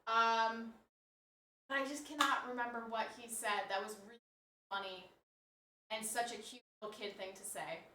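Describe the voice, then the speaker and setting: A woman's voice: fairly high pitch, steady tone, moderate pace, pauses often, background noise. A woman streamer chatting casually on a live stream, rambling and answering her chat as she goes. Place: home, room with snake enclosure. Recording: roomy, distant mic.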